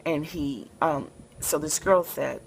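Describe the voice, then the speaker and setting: Low-voiced soft-spoken woman storyteller. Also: takes it slowly, vocal fry, slight background noise, low-quality recording. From Memphis, Tennessee, USA. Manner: soft-spoken, relaxed, with frequent fillers. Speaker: vlogger telling a personal story. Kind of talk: casual storytelling to camera.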